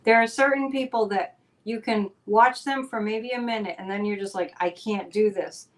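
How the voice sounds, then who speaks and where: Woman host, mid-pitched, chatty and upbeat, rambles through plugs and news talk. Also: moderate pace. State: a bit out of breath. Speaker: psychic and show host. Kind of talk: casual chat with announcements.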